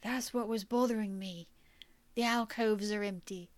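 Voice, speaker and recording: A woman's voice: mid-range voice, fairly even intonation, unhurried, no echo, natural voice. A woman voicing the anxious inner thoughts of a man hiding from danger. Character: tense young man hiding and thinking to himself.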